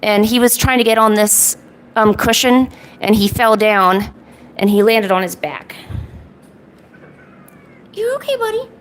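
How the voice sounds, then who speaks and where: A woman live-streaming casually, often cooing to her cats in a high, soft baby-talk voice. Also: steady tone, unhurried. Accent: American. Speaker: art streamer.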